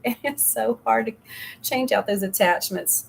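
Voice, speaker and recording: A woman's voice: medium pitch, moderate pace, creaky, slight background noise, rough recording. A middle-aged woman giving a casual makeup tutorial as a makeup consultant, rambling and chatty with frequent laughs.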